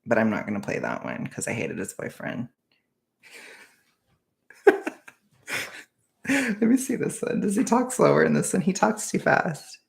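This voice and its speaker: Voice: mid-range voice, huge pitch swings, measured pace, creaky, pauses often. A young streamer giving casual reaction commentary, chatty and self-deprecating, often giggling.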